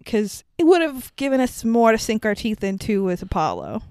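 Smooth-voiced woman chatting about a movie. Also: a little high, huge pitch swings, moderate pace, a little mellow, no room sound, studio quality. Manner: laughs often, swears, mimics characters. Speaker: podcast co-host. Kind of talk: casual movie recap chat.

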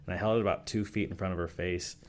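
A man with a deep, low voice talks through stories as a pastor on a podcast. His telling is loose and rambling, full of restarts and fillers like "like" and "you know". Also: steady tone, rapid-fire. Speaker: youth and young adults pastor. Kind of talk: casual storytelling in a podcast interview. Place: podcast recording session.

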